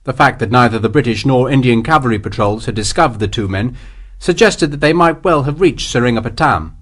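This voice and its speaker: A male audiobook narrator reading a historical tale in a measured storytelling voice. His pitch ranges widely and lends the prose lively shape, with a steady, practised delivery. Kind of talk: scripted narration.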